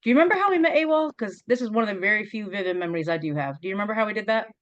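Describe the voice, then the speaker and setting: Lively middle-aged woman reminiscing. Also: medium pitch, rapid-fire, lo-fi sound. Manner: lively, laughs often, storytelling with restarts. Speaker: interviewer, former college rugby teammate. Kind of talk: casual reminiscing conversation.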